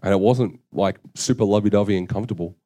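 A man's voice: on the low side, fast talker, warm tone. A young man preaching a sermon, earnest and conversational, telling stories against himself. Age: young adult. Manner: conversational, earnest, self-deprecating storytelling.

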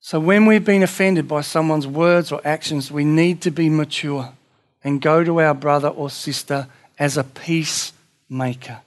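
A man's voice: on the high side, steady tone, a little slow. Earnest preacher man. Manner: earnest, conversational preaching with acted-out dialogue. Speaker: pastor. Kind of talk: sermon.

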